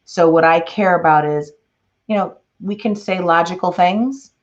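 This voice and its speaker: Low-voiced Chicago woman, expressive author. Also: moderate pace, dull audio. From Chicago, Illinois. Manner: expressive, animated, laughs often. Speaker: author and guest. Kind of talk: interview conversation and reading aloud.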